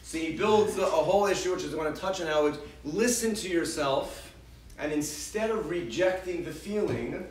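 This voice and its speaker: A man's voice: fairly high pitch, moderate pace, darkish tone, distant mic. A man teaching a parenting class, talking in a chatty way with audience questions, often repeating and restarting his words. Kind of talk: casual lecture with audience questions. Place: large hall with an audience. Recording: echoey hall recorded from afar.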